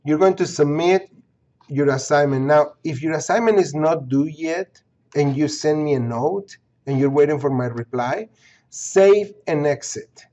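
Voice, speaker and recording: A man's voice: fairly high pitch, unhurried, darkish tone, dull audio. A man teaching an online course, walking students through its pages step by step, repeating points and checking in with "okay?". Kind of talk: screen-recorded course walkthrough.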